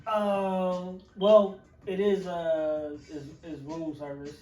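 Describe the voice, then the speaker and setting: A chef who co-hosts a podcast tells a rambling, profane story in casual chat full of fillers. His voice is high-pitched, slow, and mellow with little pitch movement, captured by a distant mic in a roomy space with faint music.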